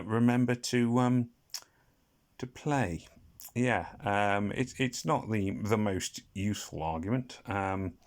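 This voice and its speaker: Man, very low voice, from Britain, casual game commentary, rambling, self-deprecating, hums to himself. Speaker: gaming commentator.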